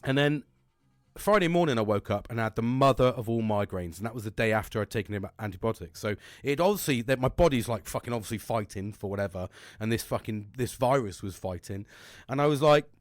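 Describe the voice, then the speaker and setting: A man's voice: fairly low pitch, animated, fairly quick, no room sound, studio quality. A man telling a long casual story, rambling and swearing constantly as a podcast host.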